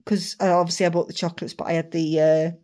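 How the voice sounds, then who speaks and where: A middle-aged woman chatting to camera in a rambling, animated way, acting out retold conversations. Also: lowish voice, fast talker. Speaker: vlogger. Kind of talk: casual chat to camera.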